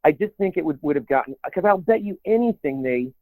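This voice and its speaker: A man's voice: a little high, animated, brisk, dry recording. A man co-hosting a podcast in casual chat, rambling with many restarts and put-on quotes. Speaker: podcast co-host. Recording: tinny phone-like sound, dry.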